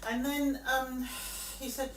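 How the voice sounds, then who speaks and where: An English woman co-hosting a podcast, telling a story in casual chat, animated and laughing as she acts out what others said. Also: high voice, slow. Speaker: podcast co-host. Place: artist's studio. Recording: roomy, distant mic with noise.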